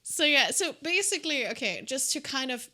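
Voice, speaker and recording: A woman's voice: high voice, sing-song, moderate pace, sharp tone. A woman co-hosting a podcast, chatting casually and rambling through a long game recap. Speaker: podcast co-host. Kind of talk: casual chat about a video game.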